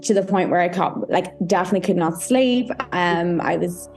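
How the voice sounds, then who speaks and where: A woman's voice: fairly low pitch, normal speed, a little mellow, faint music behind. A woman guest on a podcast talking candidly about meditation, with a chatty, frank manner full of "like" and "you know". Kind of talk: casual podcast interview.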